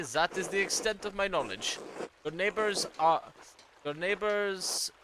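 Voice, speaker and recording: A man's voice: high voice, noisy background, pitched above the performer's own voice. A man voicing a stern, devout male churchman with a put-on German accent, reading a formal letter.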